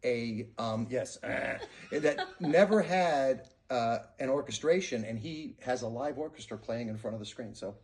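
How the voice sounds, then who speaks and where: A man chatting casually as an interview guest, friendly and laughing often, with some halting restarts. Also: medium pitch, lively intonation, a little mellow. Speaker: interview guest, performer in a musical.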